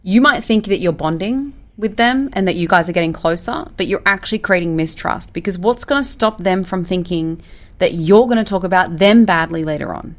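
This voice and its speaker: A woman, a business coach giving casual advice, direct and animated, acting out the lines she quotes. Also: fairly low pitch. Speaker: business coach and recruitment firm owner.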